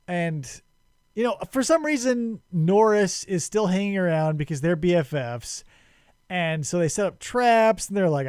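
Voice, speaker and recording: A male podcast host talking in a rambling, sarcastic way and swearing freely. His voice is fairly high and very animated, with big swings in pitch. The sound is dry and close to the mic. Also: measured pace, smooth, no room sound. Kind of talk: casual chat, retelling a story.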